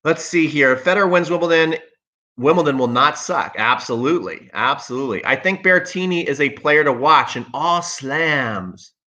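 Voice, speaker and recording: A man's voice: on the high side, lively intonation, normal speed, bright, forceful tone. A man hosting a casual livestream as a tennis coach, reading viewer comments and giving emphatic, opinionated takes, often repeating himself for effect.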